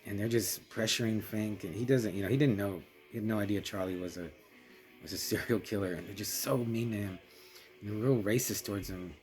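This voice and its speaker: A man giving a casual, rambling spoken film review, restarting his sentences and trailing off quietly at times. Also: on the low side, brisk. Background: faint music.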